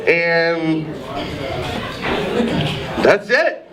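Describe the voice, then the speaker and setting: A man's voice: a little high, expressive, drawn-out words, over a noisy crowd. A man in his twenties doing a rambling, self-deprecating stand-up set on a pub stage, with lots of "like". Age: 20s. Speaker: stand-up comedian. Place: pub stage with live audience. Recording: distant mic, audience laughter.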